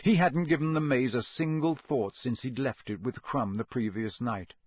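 Husky guy narrating an audiobook, steady, mid pitch, dry close sound. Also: normal speed, no room sound. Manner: steady storytelling. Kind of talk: scripted narration.

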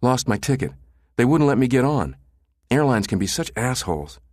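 A man's voice: mid-range voice, very animated, moderate pace, dry recording, studio quality, voice pushed up. A man voicing a teenage girl who pleads in a wheedling way. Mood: pleading.

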